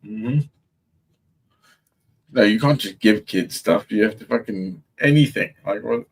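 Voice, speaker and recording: A man's voice: on the low side, a little slow, husky. A man from South Africa with a South African accent, chatting casually and loosely, full of slang and swearing. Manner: laid-back, swears, slangy. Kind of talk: casual chat.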